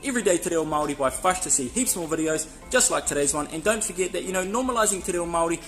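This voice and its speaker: Fast-talking New Zealand man teaching words. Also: on the high side, animated, fairly bright tone, faint music behind, poor audio. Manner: friendly, chatty, says words slowly to be repeated. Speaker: language teacher. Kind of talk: casual spoken lesson.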